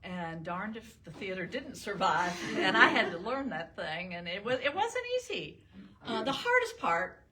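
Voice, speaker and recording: A woman's voice: medium pitch, big pitch swings, moderate pace, crowd noise, low-quality recording. An older woman from the northern United States, giving a chatty, self-deprecating talk and answering audience questions with frequent laughs. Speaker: retired state supreme court justice, guest speaker.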